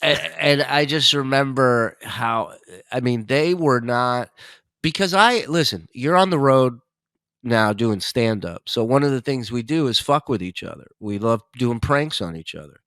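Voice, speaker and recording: A man's voice: medium pitch, unhurried, no room sound, clean studio sound. A man telling a long comic story as a podcast guest, swearing freely and laughing as he goes. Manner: animated, profane, laughs while telling stories. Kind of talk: casual storytelling.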